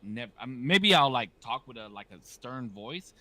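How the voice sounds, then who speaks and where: With a mid-range voice and an unhurried delivery, this podcast host in his thirties chats casually, performing quoted dialogue as he tells animated stories. There's no room sound on the recording.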